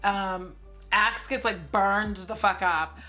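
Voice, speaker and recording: Faint music plays behind a woman in her forties as she recaps a film for her movie commentary stream. Her medium-pitched voice is slow and sharp-toned, and she's chatty and sarcastic, leaning on "like" and swearing freely.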